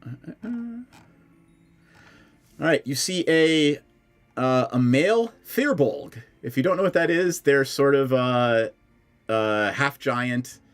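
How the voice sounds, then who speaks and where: A man running a tabletop game, his voice sitting at an ordinary middle pitch. He narrates in a halting way, full of fillers and restarts. Faint music plays behind him. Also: expressive, clean tone. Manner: hesitant, filler-heavy narration. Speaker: dungeon master.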